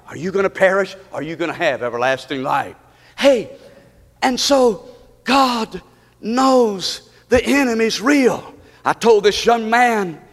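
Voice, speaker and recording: A man's voice: very high-pitched, expressive, measured pace, fairly bright tone. A man preaching a fervent sermon in a church, calling on the congregation to answer back. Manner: fervent preaching with call-and-response. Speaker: pastor. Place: church sanctuary. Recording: long hall reverb.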